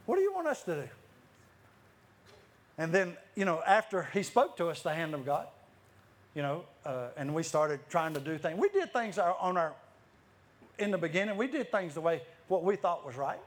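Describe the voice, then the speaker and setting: A man's voice: on the high side, animated, normal speed. A man preaching a sermon, telling stories with many restarts and frequent laughter. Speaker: guest preacher. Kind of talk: lively sermon storytelling.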